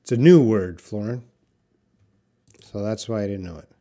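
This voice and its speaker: A man teaching English on a live stream, reading out viewers' questions and explaining words slowly and patiently. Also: on the low side, mellow. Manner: slow, patient, drawn-out explanations; reads viewer questions aloud. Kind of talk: live-stream English class answering chat.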